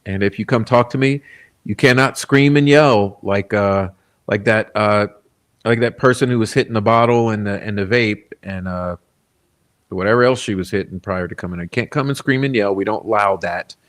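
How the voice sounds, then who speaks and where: A man's voice: fairly low pitch, moderate pace, fairly bright tone. A man hosting a casual livestream, reading viewer comments aloud in a laid-back, rambling way, chuckling often. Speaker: livestream host.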